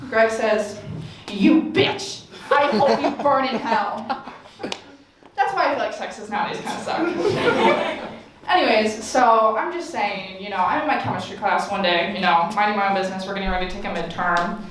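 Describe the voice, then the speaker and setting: A woman's voice: mid-range voice, animated, brisk, background noise. A young woman doing a stand-up comedy set, telling stories in a sarcastic, playful way. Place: campus forum room with audience. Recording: echoey room from far off. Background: audience laughter.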